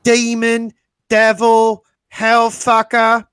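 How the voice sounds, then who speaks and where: Brief: male tabletop player, high and unhurried, dry close sound, profane comic rants. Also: monotone, fairly bright tone, clear, resonant tone, no room sound. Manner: profane, mock-indignant joking. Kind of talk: in-character banter at a live tabletop game.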